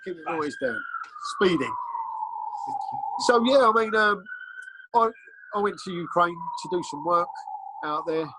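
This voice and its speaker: A man's voice: high voice, lively intonation, a little slow, long pauses, noisy background. A middle-aged Englishman, telling rambling, blunt stories as a podcast guest, full of ums and restarts. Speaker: podcast guest, former bodyguard. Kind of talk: casual storytelling interview.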